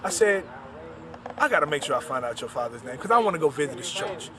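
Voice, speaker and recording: A man, an author, recounting a personal story and retelling the dialogue in quick back-and-forth. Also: a little high, sing-song, crowd noise.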